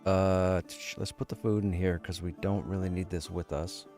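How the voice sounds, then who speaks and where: A man's voice: sits low, flat delivery, moderate pace, a little mellow, soft background music. A man live-streaming a game, chatting casually and joking with his viewers. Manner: chatty, joking, self-deprecating. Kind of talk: casual live-stream chat while gaming.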